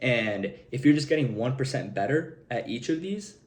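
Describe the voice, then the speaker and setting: A young man giving self-improvement tips in a relaxed, unscripted monologue. His speech wanders, packed with fillers and the odd swear word, at an ordinary middle pitch. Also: moderate pace. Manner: loose and rambling, heavy on fillers, casual swearing. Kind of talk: casual advice monologue.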